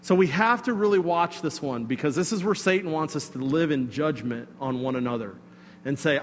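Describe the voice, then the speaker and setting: Animated preaching man in a hall. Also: a little high, fairly quick, a little hiss or hum. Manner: conversational and animated, with fillers and asides to the congregation. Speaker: pastor. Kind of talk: sermon with a personal story.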